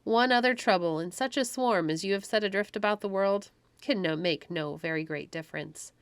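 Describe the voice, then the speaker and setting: A woman's voice: mid-range voice, normal speed, clean tone, no room sound, natural voice. A woman doing a sulky young boy. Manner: grudging, sulky. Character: sullen, grumbling young boy. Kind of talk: storybook read-aloud.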